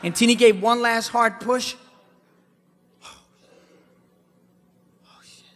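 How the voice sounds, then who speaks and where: A man performing a comic stage monologue in a theater, telling his story with animated swings between loud and hushed delivery. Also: extremely high pitch, slow pace. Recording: live hall reverb, faint background noise.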